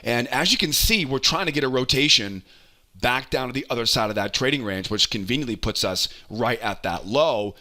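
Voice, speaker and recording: A man with a bright, forceful voice walks through market charts like a coach. He talks with energy, repeats key phrases for emphasis, and keeps tossing in a questioning "right?" to pull the listener along. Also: mid-range voice, normal speed. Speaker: trading educator. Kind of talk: live chart walkthrough lesson.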